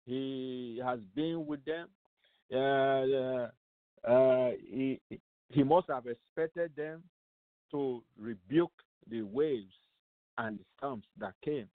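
A man with a medium-pitched voice speaks slowly as he preaches emphatically on his radio show, using repeated phrases and rhetorical questions. The audio comes through a dry, tinny phone call-in line with no room sound.

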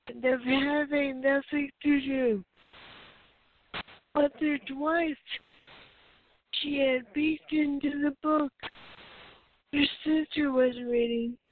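A woman hosting a show who reads a children's story aloud slowly, stumbling and correcting herself. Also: high-pitched. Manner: slow, halting reading with self-corrections. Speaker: host and story reader. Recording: tinny phone-like sound.

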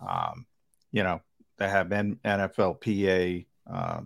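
A man's voice: low voice, huge pitch swings, measured pace, creaky. A man co-hosting a casual sports talk show, rambling and emphatic with lots of fillers.

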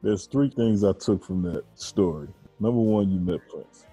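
A man's voice: fairly low pitch, normal speed, warm tone, husky, faint music behind, poor audio. A man co-hosting a podcast, asking teasing questions in casual chat.

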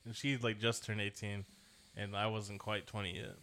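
A man's voice: lowish voice, flat delivery, normal speed, bright, forceful tone. A man in his twenties co-hosting a podcast, chatting casually, laughing and joking. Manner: laughing, joking, does voices for quotes. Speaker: podcast co-host. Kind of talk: casual chat.

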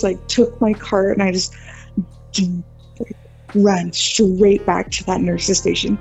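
A woman, a podcast guest, telling a ghost story in a casual, animated way, full of "like" fillers and mimicked voices. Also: mid-range voice, a little slow, vocal fry, slightly rough, lo-fi sound, soft background music.

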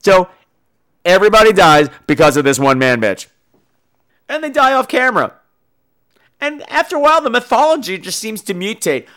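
A man's voice: high voice, normal speed, pauses often. A man hosting a horror podcast, ranting sarcastically and profanely as he reviews a movie. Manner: animated, sarcastic, acts out characters. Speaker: podcast host.

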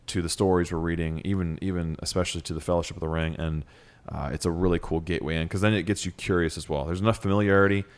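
A man from Ohio hosting a podcast, chatting in a relaxed, enthusiastic way with lots of fillers. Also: low-pitched, fast, hardly any pauses. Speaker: podcast host. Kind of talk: casual podcast chat.

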